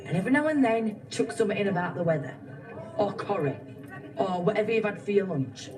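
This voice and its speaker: A woman's voice: medium pitch, animated, fairly quick, a little mellow, close to an everyday voice. An actress playing a brash, blunt middle-aged woman who runs a shop, talking coarsely and scolding. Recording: TV clip played from far off with audience.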